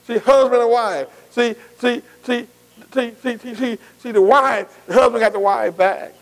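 A man's voice: very high voice, fairly even intonation, unhurried, rough recording. A man preaching a sermon, repeating phrases and calling out to the congregation. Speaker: pastor.

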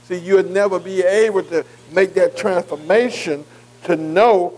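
A man with a high voice teaches a Bible class the way a preacher delivers a sermon. He talks earnestly and in plain, informal speech. He keeps leaving words for his listeners to fill in and checks in with them again and again. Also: unhurried, a little mellow, poor audio. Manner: call-and-response fill-in questions; repeated "am I right?" checks with listeners.

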